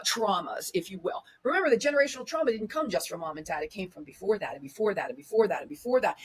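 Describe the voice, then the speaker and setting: A woman's voice: medium pitch, husky. A woman speaking as a podcast guest and media coach, giving motivational advice in an emphatic style with repeated lists and restarts. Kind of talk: motivational interview talk.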